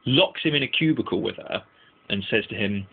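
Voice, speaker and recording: A man's voice: on the low side, lively intonation, moderate pace, gravelly, husky. A man casually recapping an anime episode in a rambling, swearing way, acting out the characters' lines. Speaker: anime reviewer. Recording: tinny, phone-like lo-fi sound.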